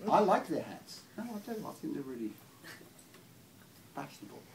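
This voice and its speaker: An English man with a rambling, giggly stand-up delivery. His voice is fairly high and swings freely. It comes from a distant mic in a small venue, with faint noise behind. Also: sing-song, unhurried, gravelly, darkish tone. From England. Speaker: comedian. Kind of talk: stand-up comedy.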